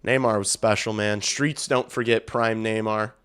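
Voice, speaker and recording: Hoarse young man ranting to his chat. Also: lowish voice, steady tone, normal speed, fairly bright tone. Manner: rambling, blunt and profane, addresses chat directly. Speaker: hockey streamer. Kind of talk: casual livestream chat.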